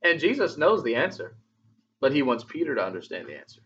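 A man's voice: medium pitch, very animated, a little fast, fairly bright tone, highs cut off. A man preaching a sermon in a conversational way, asking many rhetorical questions of his congregation.

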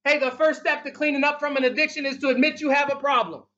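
A male pastor preaching a sermon in an emphatic, repetitive style, swinging between loud and soft. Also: extremely high pitch, fairly even intonation, quick pace, lo-fi sound.

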